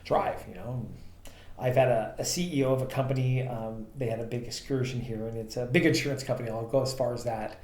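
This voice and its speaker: A man's voice: mid-range voice, fast talker, darkish tone. A man co-hosting a podcast, telling rambling anecdotes about his transportation business with lots of fillers. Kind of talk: casual storytelling chat. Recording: echoey room with faint ambient noise.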